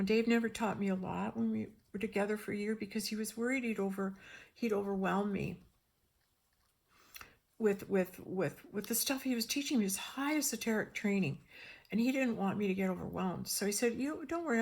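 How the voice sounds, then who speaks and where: A woman telling a personal story in an animated way, often restarting her sentences and acting out the voices of the people she quotes. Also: mid-range voice, vocal fry.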